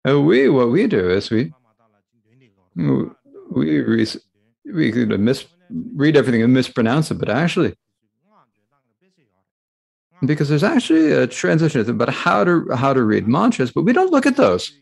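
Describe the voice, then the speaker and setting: Male interpreter for a Dharma talk, lively pitch, halting delivery with frequent restarts. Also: vocal fry.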